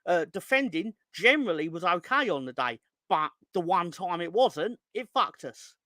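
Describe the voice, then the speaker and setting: A man's voice: high-pitched, big pitch swings, normal speed, sharp tone, no room sound, studio quality. A young man hosting a fan live stream, ranting in an exasperated, sweary way and reading out chat hellos. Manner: exasperated, sweary, rising into angry outbursts. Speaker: fan channel host.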